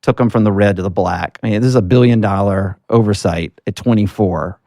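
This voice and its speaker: On the low side and mellow, this man's voice moves a little fast as he, a political marketing guest from Alabama in the US South, earnestly tells stories packed with fillers in a casual interview. Studio quality, no room sound.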